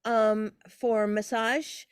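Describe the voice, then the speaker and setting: An older woman, a podcast guest, telling a long personal story in an animated way, her pitch leaping as she relives moments. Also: extremely slow, clear, resonant tone, dry recording, studio quality. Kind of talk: casual storytelling interview.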